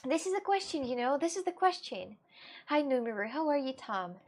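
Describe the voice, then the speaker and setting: Woman streamer, English speaker, casual live chat, animated and ranty, slightly high voice. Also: brisk. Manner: animated, ranting, laughs often, fillers like "you know".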